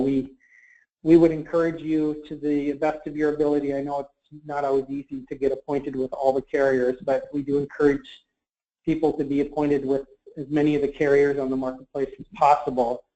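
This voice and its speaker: A man's voice: on the high side, flat delivery, normal speed, mellow. A man answering questions in a webinar, explaining policy carefully and hedging, with many fillers. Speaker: government marketplace representative. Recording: muffled webinar audio.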